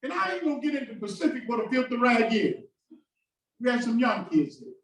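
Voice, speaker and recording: Impassioned preacher in an echoing church. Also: male voice, extremely high pitch, big pitch swings, fairly quick, slight background noise. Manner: call-and-response preaching, shouting bursts and sudden drops. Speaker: pastor. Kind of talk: sermon. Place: church sanctuary. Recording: very echoey church from a distance.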